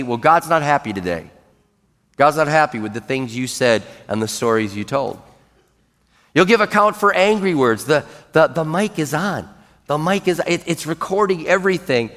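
Male pastor, emphatic sermon delivery, slightly high voice, long church-hall reverb. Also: a bit bright. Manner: emphatic, acts out quoted mutterings in a low grumble.

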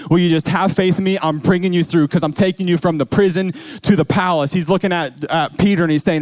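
A man delivers a sermon with earnest conviction that swells into fervent emphasis. His voice sits slightly high for a man. The sound is dry and close, with little room around it. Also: darkish tone, dry recording. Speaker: pastor.

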